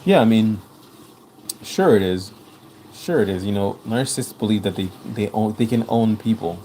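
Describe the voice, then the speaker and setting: A livestream host, a man with a non-native English accent, reads viewer comments aloud and answers them earnestly, often repeating himself to make a point. His voice is fairly low and dark at a moderate pace, with slight background noise and poor audio.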